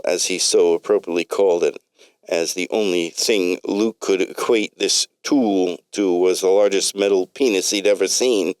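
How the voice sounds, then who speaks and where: Deep-voiced man narrating a comic story. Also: smooth, no echo.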